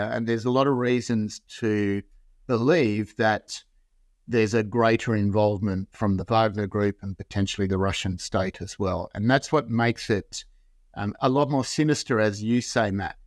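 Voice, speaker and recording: A low-pitched man speaks as an interview guest, setting out his points in long, qualified sentences. His voice is recorded close and dry, with no room sound around it. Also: steady tone, dry recording. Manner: measured, builds points in long qualified clauses. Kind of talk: measured geopolitical analysis.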